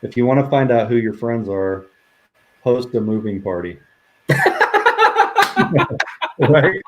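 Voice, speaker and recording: A middle-aged man speaks over a video call at a moderate pitch. He talks haltingly, backs up to restart his phrases, and keeps breaking into laughter. He is a minister sharing a heartfelt story. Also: lo-fi sound, slight background noise. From New Mexico, USA. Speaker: minister, interview guest. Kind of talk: casual heartfelt conversation.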